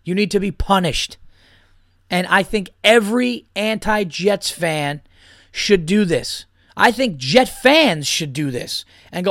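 A man's voice: sits high, animated, takes it slowly, fairly bright tone, no echo, clean studio sound. A man hosting a podcast, ranting about football in a heated, profane way and repeating his points. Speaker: podcast host. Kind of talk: opinionated sports rant.

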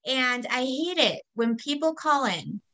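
A woman's voice: sits high, animated, a little slow, pushed and bright. A woman with a girlish, youthful voice, co-hosting a podcast in casual chat and laughing easily as she retells what callers said. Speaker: podcast co-host.

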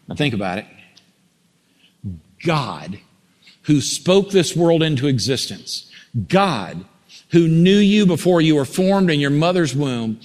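A male pastor delivering a sermon, swinging from loud, rising climaxes down to quiet, low passages. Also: animated, normal speed. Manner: preaching that builds to loud, rising climaxes then drops low. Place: large church sanctuary. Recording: long hall reverb.

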